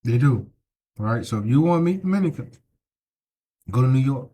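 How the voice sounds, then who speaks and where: A man's voice: mid-range voice, expressive, normal speed, dark tone, breathy edge. Preachy man vlogging on the street. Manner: preachy, repeats himself, tags lines with "right?". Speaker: travel vlogger. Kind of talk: casual walking vlog to camera. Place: outdoors on a town street.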